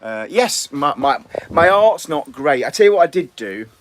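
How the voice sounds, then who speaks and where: A man's voice: fairly high pitch, very animated, normal speed, fairly bright tone, a little hiss or hum. Rambling English man on a live stream. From England. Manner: rambling, restless, talks to viewers. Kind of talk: casual live-stream chat.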